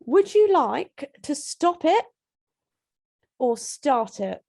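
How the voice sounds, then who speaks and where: Co-host, woman, high voice, unhurried delivery, teasing question reader. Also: big pitch swings, creaky, dark tone. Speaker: co-host reading listener questions. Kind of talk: casual chat.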